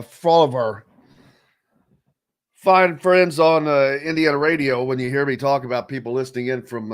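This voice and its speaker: With a clear, resonant mid-range voice, a man loosely rambles through his casual sports radio show, full of fillers, and reads listener comments out loud. It's studio quality, free of room sound.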